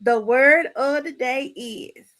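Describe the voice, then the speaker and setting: A woman's voice: high-pitched, takes it slowly, a bit bright, a little hiss or hum. A woman presenting a word of the day on a live stream, sassy and gossipy, calling her viewers y'all. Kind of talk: folksy live-stream segment.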